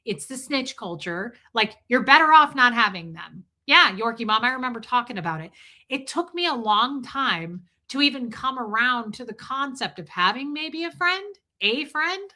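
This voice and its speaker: A woman in her forties hosting a casual livestream, chatting bluntly with frequent swearing and animated storytelling. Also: fairly high pitch, moderate pace. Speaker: livestream host.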